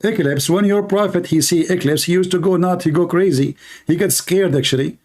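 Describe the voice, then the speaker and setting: A man's voice: sits high, a little fast, a little mellow. Blunt man with an Arabic first language. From Middle East. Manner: blunt, mocking, repeats his questions. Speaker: host of a live-stream debate show. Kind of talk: combative live-stream debate.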